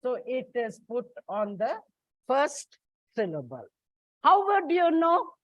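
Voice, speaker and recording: A woman's voice: sits high, sing-song. A woman teaching English stress rules in a classroom lecture, explaining step by step and calling her students children. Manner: slow, deliberate explaining, addresses students as children. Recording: dull lo-fi dry recording.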